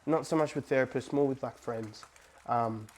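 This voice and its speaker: A young man tells a story to camera in casual, profane talk, swinging from loud outbursts to hushed asides. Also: mid-range voice, normal speed, a little hiss or hum. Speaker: vlogger.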